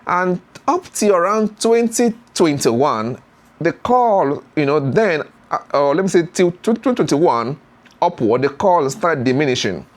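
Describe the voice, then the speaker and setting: A man tells a story on his channel in a casual, animated way. His voice sits a little high for a man. He fills his talk with "you know" and acts out what the people in the story said. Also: unhurried. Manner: animated retelling with frequent fillers, acts out voices. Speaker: YouTube commentator. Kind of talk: storytelling commentary.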